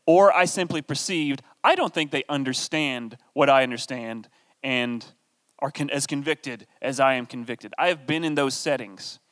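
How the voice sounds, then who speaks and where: A man's voice: medium pitch, a bit bright, big-room sound. A man giving a conversational Bible teaching, reading scripture aloud and adding casual asides. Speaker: preacher.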